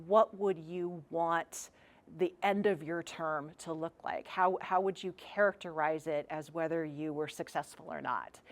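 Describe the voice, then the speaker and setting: A woman in her fifties giving an earnest candidate statement for school board. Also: lowish voice.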